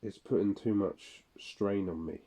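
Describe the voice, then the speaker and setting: Man, casual monologue, slow delivery, dark mellow tone, profane, rambling. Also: lowish voice, slightly rough. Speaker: audio log host.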